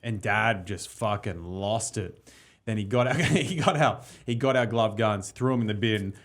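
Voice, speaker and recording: A man's voice: fairly low pitch, moderate pace. A man hosting a podcast in casual chat, easygoing and asking questions between childhood stories. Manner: easygoing, asks questions and shares childhood memories. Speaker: podcast host.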